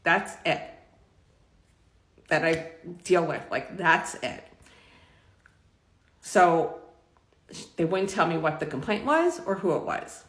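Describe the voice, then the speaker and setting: A woman's voice: on the low side, sing-song, takes it slowly, pauses often. A middle-aged woman telling a personal story to camera in a frank, emotional, rambling way. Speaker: vlogger. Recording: echoey room.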